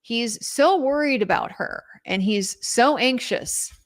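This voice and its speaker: A woman's voice: fairly high pitch, expressive, takes it slowly. A young woman commenting on a trial in a casual recap, incredulous and emphatic, reading out quotes as she goes. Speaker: legal commentator.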